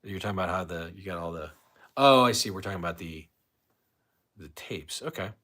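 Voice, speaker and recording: A man's voice: sits low, brisk, pushed and bright. A man hosting a casual solo livestream, rambling and reading viewer comments aloud with frequent restarts. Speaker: livestream host.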